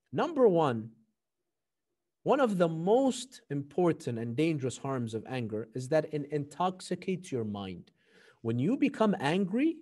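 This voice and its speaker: A man teaching a seminary ethics class, telling stories with animated delivery and quoting sayings before translating them. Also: a little high. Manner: animated storytelling, quotes Arabic hadith then translates. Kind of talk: recorded class lecture.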